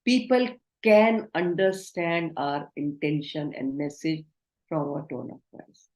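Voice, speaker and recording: A woman's voice: low voice, slow pace, a little mellow. A woman giving an online training lecture, instructive and asking the class questions. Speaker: communication trainer. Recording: roomy echo.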